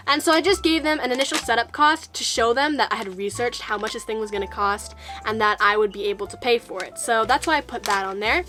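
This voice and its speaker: A young woman telling a storytime vlog at home and reading her old letters aloud in a chatty, lively way. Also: fairly high pitch. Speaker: vlogger.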